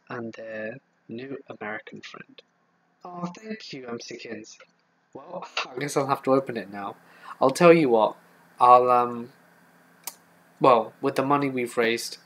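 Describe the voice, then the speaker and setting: An Englishman with a Southeast English accent and a medium-pitched voice hosts a casual live stream, reading out viewer comments and answering them in a relaxed, meandering style. There's slight background noise, and the audio is poor.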